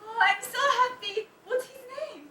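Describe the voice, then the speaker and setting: A woman's voice: very high-pitched, moderate pace, sharp tone, slight background noise. A young woman playing a flustered housewife caught up in an affair in an amateur stage play, giggly and girlish. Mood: awkward. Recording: echoey theatre from far off.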